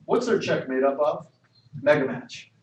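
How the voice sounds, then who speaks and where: In a meeting room, a middle-aged man gives a forceful motivational sales pitch as a network marketing speaker, his fairly high voice unhurried. His stories keep restarting, and the lo-fi recording sounds distant and echoey, as if from across a hall.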